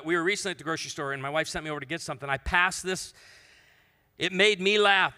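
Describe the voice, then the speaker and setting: Bright-voiced man telling comic stories. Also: sits high. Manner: storytelling with comic asides. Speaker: pastor. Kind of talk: humorous conference talk. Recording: hall reverb.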